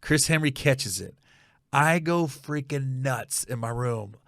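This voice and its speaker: Guy spinning a funny story, bright punchy voice, dry close sound. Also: slow pace, dry recording. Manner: animated storyteller, bursts into high shouted yelling when reenacting. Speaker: comedian and podcast host. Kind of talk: comedic storytelling.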